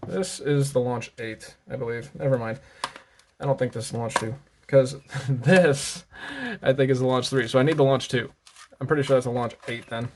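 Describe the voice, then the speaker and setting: A man's voice: mid-range voice, steady tone, moderate pace, noisy background. A man hosting a casual show-and-tell vlog, chatty and rambling, often correcting himself, slightly out of breath. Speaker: host of a knife and gear channel.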